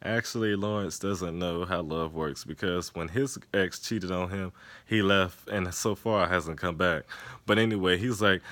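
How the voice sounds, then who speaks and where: Low-voiced man profanely recapping a TV episode. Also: unhurried, no echo. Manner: profane, animated retelling with voiced quotes of characters. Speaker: TV episode reviewer. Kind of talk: casual recap and commentary. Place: sitting on a couch indoors.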